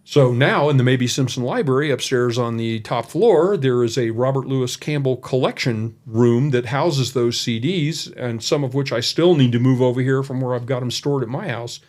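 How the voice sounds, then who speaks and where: Male podcast guest with a middle-pitched voice, rambling and folksy as he tells his story, recorded indoors. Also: moderate pace, few pauses, a little mellow. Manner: rambling and folksy, with many asides. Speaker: college development director, podcast guest. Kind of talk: anecdotal storytelling in a conversation. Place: indoor room.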